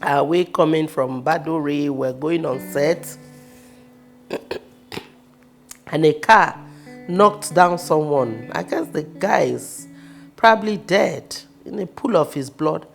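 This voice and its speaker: A Nigerian actress telling personal stories in a casual, expressive way, with sudden loud bursts. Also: female voice, sits low, slow, vocal fry, pauses often. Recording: music playing behind the voice.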